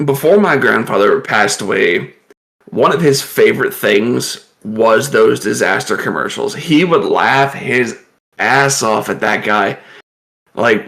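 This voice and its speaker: Gravelly laughing podcast guy. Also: mid-range voice, a bit bright. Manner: rambling, laughs often mid-story. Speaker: podcast co-host. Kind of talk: casual storytelling chat.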